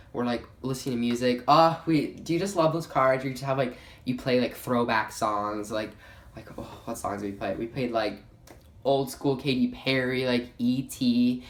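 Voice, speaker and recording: A young adult vlogger telling a storytime in a casual, chatty way, full of "like" fillers and frequent swearing. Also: mid-range voice. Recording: roomy echo.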